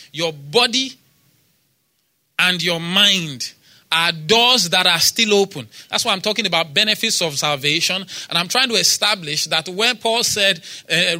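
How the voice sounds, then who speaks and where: A man's voice: a little high, bright, forceful tone. A man preaching a sermon in a church, quoting scripture with emphasis, repeating phrases and asking the congregation for responses.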